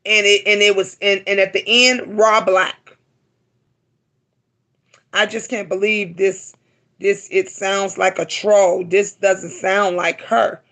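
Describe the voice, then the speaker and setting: A woman's voice: mid-range voice, little pitch movement, slow, long pauses, a bit bright. A middle-aged woman hosting a live stream, talking to her viewers with emotion and often repeating herself for emphasis. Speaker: livestream host.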